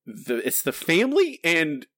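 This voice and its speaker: Podcast co-host, male, exasperated and rambling, lively pitch swings, dry close mic. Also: a little slow, no echo. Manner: exasperated, rambling with many restarts. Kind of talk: casual critical chat.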